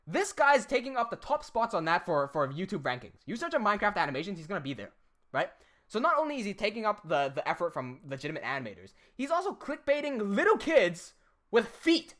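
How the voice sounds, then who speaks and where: A woman hosts a livestream and rants about a rival, cursing freely and breaking into laughter. Her voice is animated, with a wide-swinging pitch. She's a little tipsy and keeps getting more worked up. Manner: heated, profane ranting with frequent laughter. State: a bit tipsy from drinking. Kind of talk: livestream rant.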